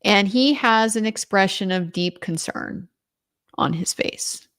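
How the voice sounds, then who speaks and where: A middle-aged woman walks through what happened in court that day. She tells it in an animated way and voices the quoted lines in her own plain, mid-range voice. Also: medium pitch, takes it slowly. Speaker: legal commentator. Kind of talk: recounting courtroom testimony.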